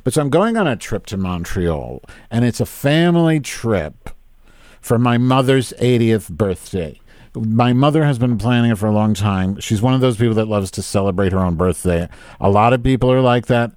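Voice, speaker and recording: A man's voice: fairly low pitch, animated, moderate pace, a little mellow, dry recording. Podcast host, male, fifties, profane exasperated rant, dry close sound. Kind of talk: casual live-stream rant.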